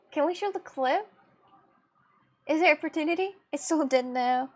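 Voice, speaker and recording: Her voice is high and unhurried as she sketches on stream. The young woman keeps up a casual, laughter-filled conversation with viewers, reacting to the chat as she goes.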